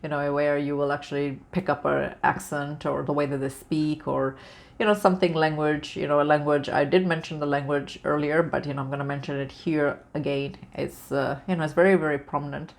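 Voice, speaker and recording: A woman's voice: low voice, fairly even intonation, a little fast, vocal fry. A woman hosting a spiritual advice video, talking casually to her viewers with lots of fillers and restarts. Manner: rambling, many fillers and restarts. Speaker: spiritual channel host.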